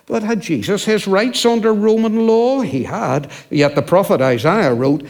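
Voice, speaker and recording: A man preaching a sermon as a minister, reflective and slowing down to stress scripture, at times dropping to a hushed voice. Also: high-pitched, big pitch swings, creaky.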